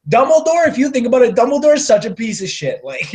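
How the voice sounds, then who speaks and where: A young man co-hosting a casual movie podcast, ranting and swearing as his volume swings from loud to mumbled. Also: very high-pitched, very animated, fast talker. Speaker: podcast co-host.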